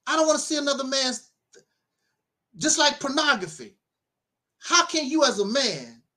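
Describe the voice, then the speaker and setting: A man's voice: very high voice, sharp tone. A man preaching in a livestream monologue, talking emphatically, laughing often and repeating himself. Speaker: self-styled minister.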